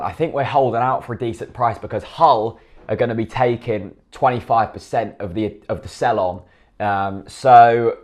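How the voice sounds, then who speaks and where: A man giving blunt, opinionated football commentary to camera, often asking and then answering his own questions. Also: medium pitch. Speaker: football fan vlogger.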